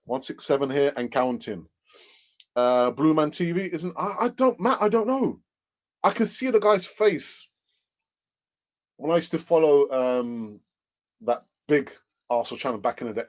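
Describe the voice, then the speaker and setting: A man's voice: mid-range voice, dull audio. A man hosting a casual live stream, chatting and reading out viewer comments, often laughing.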